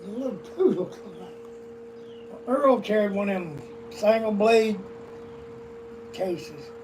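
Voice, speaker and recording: A man's voice: high voice, lively intonation, slow pace. Older man, profane rambling yarns. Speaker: storyteller guest. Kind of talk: casual storytelling. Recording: distant mic, noisy room.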